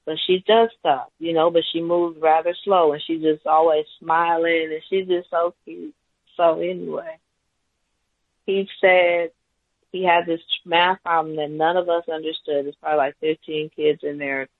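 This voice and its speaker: Male caller, rambling and hesitant, slightly high voice, thin phone line. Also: no room sound. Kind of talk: call-in talk radio account. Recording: tinny phone line, dry.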